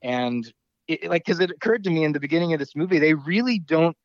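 Casual male podcast co-host, rambling and profane, slightly high voice, dull lo-fi sound. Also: animated, quick pace, no echo. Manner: rambling, laughs easily, swears. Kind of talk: casual chat.

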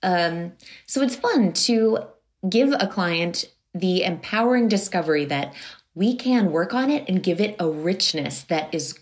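A woman's voice: fairly low pitch, unhurried. Woman voice coach explaining with animation. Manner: animated, explanatory, acts out quoted thoughts. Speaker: voice and confidence coach. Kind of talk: interview guest explaining.

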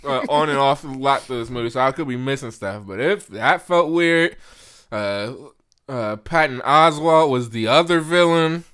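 A man's voice: mid-range voice, moderate pace, a bit bright, smooth. A man co-hosting a podcast, casually reviewing a movie and laughing often as he rants. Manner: laughs often while ranting. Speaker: podcast co-host.

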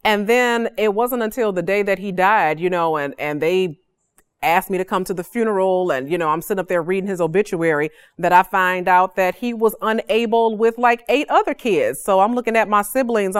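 A woman's voice: medium pitch, moderate pace, clean tone, dry recording. A woman in her forties hosting a podcast, teaching a devotional in a casual, emphatic way and often checking in with "okay?".

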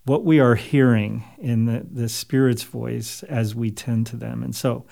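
Male author guest, gravelly voice, reflective and unhurried with pauses. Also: mid-range voice, fairly even intonation, warm tone. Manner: thoughtful, measured, many pauses and fillers. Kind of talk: reflective interview talk.

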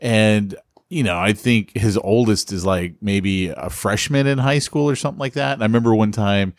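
A man's voice: on the low side, normal speed, dry recording, clean studio sound. A man co-hosting a podcast in casual chat, teasing his partner and laughing often. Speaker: podcast co-host.

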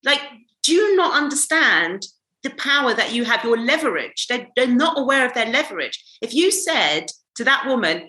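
A woman holds forth on a podcast, blunt, sweary and ranting. Her voice is bright and forceful. The room around her is echoey. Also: fairly high pitch, sing-song, moderate pace. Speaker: podcast co-host. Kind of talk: casual podcast chat. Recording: roomy echo.

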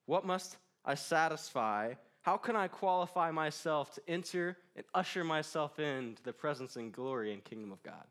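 A man's voice: on the high side, expressive, normal speed, hardly any pauses, fairly bright tone. A young man preaching a casual, joking sermon in a church, laughing often between lines. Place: church in front of a crowd.

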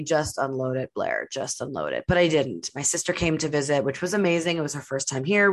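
A woman hosts a podcast, telling a personal story in a candid, emotional way, full of "like" fillers. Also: low-pitched. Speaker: podcast host.

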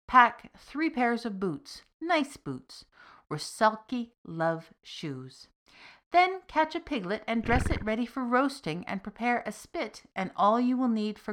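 Woman doing a patient old wizard guy, measured and warning, storybook reading. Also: medium pitch, fairly bright tone. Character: patient old male village wizard, cautionary.

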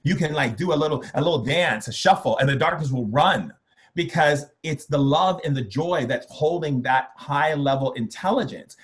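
A man's voice: fairly high pitch, moderate pace. A man being interviewed as a spiritual workshop leader, talking casually in a playful, joking way and acting out little voices. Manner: playful, jokey, acts out voices.

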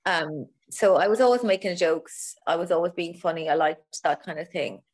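A woman's voice: on the low side, normal speed, a little mellow. An Irish woman, a comedian and podcast guest, telling stories in a chatty, self-deprecating way. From Ireland. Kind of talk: casual interview chat.

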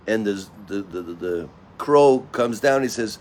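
A man telling a fable in a loose, relaxed way, repeating words as he goes. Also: on the low side, measured pace, slight background noise. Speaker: storyteller. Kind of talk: casual spoken fable.

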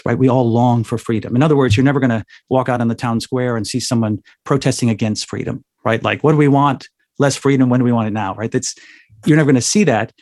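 A man's voice: mid-range voice, darkish tone, no echo, clean studio sound. A man as an interview guest, talking in a thoughtful, lecturing way and often checking in with "right?". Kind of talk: interview answer, explanatory.

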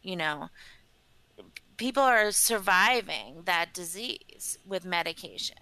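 A woman's voice: on the low side, lively intonation, slow, sharp tone, no echo, poor audio. A woman who works as a scientist and advocate, explaining earnestly in a podcast interview with frequent ums. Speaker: patient advocate and company scientist.

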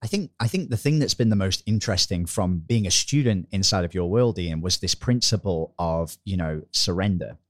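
A man's voice: low-pitched, expressive, moderate pace, hardly any pauses, dry recording, studio quality. A man hosting a podcast, introducing a guest in an upbeat, bantering way. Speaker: podcast host.

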